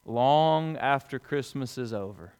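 A man preaching a sermon to a congregation, conversational and folksy, swinging between loud emphatic peaks and hushed low lines. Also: animated, unhurried, smooth. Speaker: pastor.

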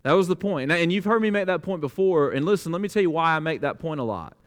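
Pastor, male, fairly high voice, earnest and emphatic sermon delivery, restarts with repeated words. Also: animated, fast.

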